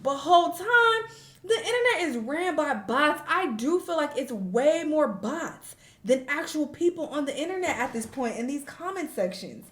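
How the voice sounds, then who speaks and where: A woman's voice: sits high, expressive, moderate pace, few pauses. A young adult woman hosting a casual reaction video, talking candidly and animatedly and cursing freely. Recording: echoey room.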